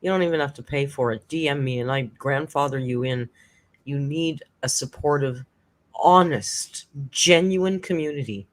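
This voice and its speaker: A woman's voice: very deep voice, normal speed. A woman hosting a live-stream reaction, chatting emotionally with frequent laughter and swearing. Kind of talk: casual live-stream commentary.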